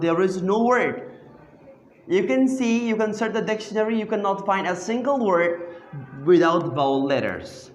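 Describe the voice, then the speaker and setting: A man's voice: high voice, a little hiss or hum. A man teaches grammar in a classroom. He keeps firing questions at his students and repeating key words back to them. The room is echoey and reverberant.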